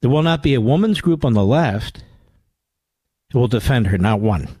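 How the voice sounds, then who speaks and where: A man's voice: animated, moderate pace, warm tone, husky, no echo. An older man hosting a political radio talk show, combative and mocking, sarcastic in tone. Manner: swings from low growls to high exclamations. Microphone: studio microphone.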